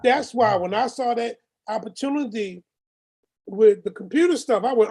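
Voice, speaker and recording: A man speaking up on a group video call, blunt and animated, cursing and repeating himself. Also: extremely high pitch, normal speed, slightly rough. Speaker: call participant. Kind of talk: casual testimony.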